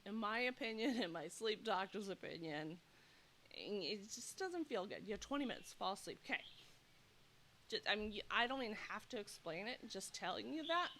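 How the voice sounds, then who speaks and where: A bright, clear-toned woman in her thirties talks straight to camera as a nurse, animated and acting out anxious inner thoughts. She is slightly out of breath, recorded outdoors on a clip-on mic with a faint hiss behind her. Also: medium pitch, moderate pace. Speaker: nurse and sleep coach. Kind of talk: casual direct-to-camera advice talk. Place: outdoors in humid heat. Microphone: clip-on mic, loosening.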